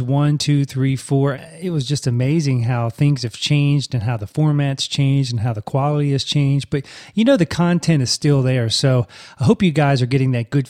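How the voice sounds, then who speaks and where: A man's voice: fairly high pitch, a little mellow. A man in his forties hosting a podcast, chatting casually and telling folksy stories. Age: 40s. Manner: folksy storytelling, chatty and upbeat. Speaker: podcast host. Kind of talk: casual solo podcast talk.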